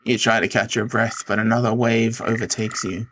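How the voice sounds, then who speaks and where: A man streaming a visual novel, reading it aloud dramatically with excited outbursts. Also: lowish voice, moderate pace, a little hiss or hum. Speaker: game streamer. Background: game music.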